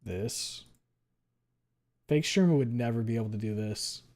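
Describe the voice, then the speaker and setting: A male streamer chatting casually with viewers, talking quickly and running words together, with a lot of swearing. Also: mid-range voice, darkish tone. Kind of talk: casual chat reading viewer messages.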